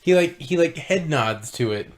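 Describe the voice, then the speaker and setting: A man's voice: a little high, lively intonation, moderate pace. A man co-hosting a podcast, chatting casually and laughing as he retells a film scene by scene. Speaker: podcast co-host. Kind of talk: casual chat.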